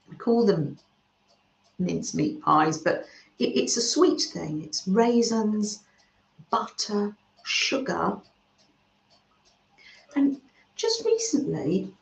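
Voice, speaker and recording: Slow, gentle woman hosting a livestream. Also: medium pitch. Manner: gentle, chatty, cooing and murmuring. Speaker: craft livestream host. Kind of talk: casual chat reading live comments. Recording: slightly dull sound in an echoey room.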